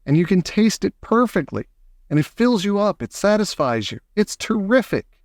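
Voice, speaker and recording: A man voicing an eccentric, excitable male chocolate maker who boasts theatrically about his inventions. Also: high-pitched, normal speed, dry recording, studio quality, voice pushed up. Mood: exuberant.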